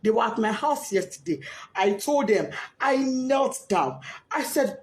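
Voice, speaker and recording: A grieving Nigerian mother giving a tearful, impassioned testimony, often breaking into shouts and sobs. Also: fairly high pitch, animated, unhurried. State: crying, distraught. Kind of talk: emotional testimony.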